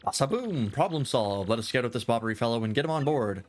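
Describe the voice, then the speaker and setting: A man's voice: medium pitch, lively intonation, quick pace, lightly acted. Man doing a pompous rich adventurer. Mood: boastful. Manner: grandiose, flowery and theatrical. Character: pompous wealthy male adventurer-merchant. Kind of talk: reading game dialogue aloud with voices.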